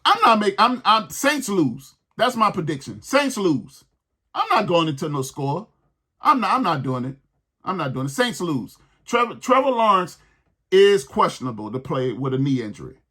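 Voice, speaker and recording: A man's voice: high-pitched, very animated, normal speed, bright, forceful tone, slightly rough. A man hosting a sports podcast, ranting in a heated, exasperated way and repeating his points.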